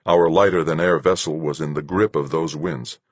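A man reading a first-person science fiction novel aloud as audiobook narrator, with a steady, measured storytelling delivery. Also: extremely low pitch, no echo.

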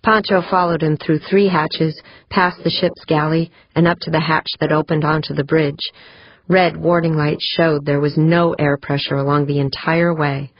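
Low female narrator, steady audiobook read, dry and slightly dull sound. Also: normal speed, no echo. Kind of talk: scripted narration.

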